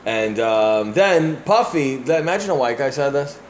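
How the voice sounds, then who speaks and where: A man's voice: medium pitch, lively intonation, unhurried. A man co-hosting a casual podcast, talking bluntly and swearing a lot as he rants. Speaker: podcast co-host. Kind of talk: casual profane chat. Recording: echoey room with faint hiss.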